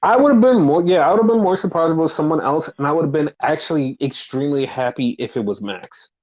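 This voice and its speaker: Man, casual podcast chat, lively swooping pitch, fairly high voice, swears a lot, mocking voice impressions. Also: fast talker, lo-fi sound. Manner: animated, swears freely, acts out quotes in high mocking voices. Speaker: podcast co-host.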